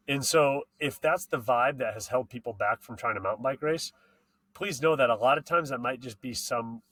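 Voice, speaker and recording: A man hosting a casual podcast, talking about racing in an excited, slangy way that swears freely. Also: medium pitch. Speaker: podcast host and mountain bike racer.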